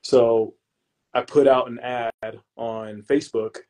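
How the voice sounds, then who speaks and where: A young man who is a podcast guest and real estate investor, chatting casually and telling lively stories in relaxed, slangy speech. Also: mid-range voice, slow. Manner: relaxed and slangy, calls the hosts "bro"; lively storyteller who acts out his own past lines. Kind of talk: casual interview chat.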